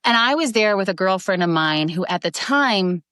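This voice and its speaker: A middle-aged actress, telling animated stories in a casual interview and acting out quoted voices. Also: female voice, mid-range voice, normal speed, smooth, no room sound. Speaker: guest actress.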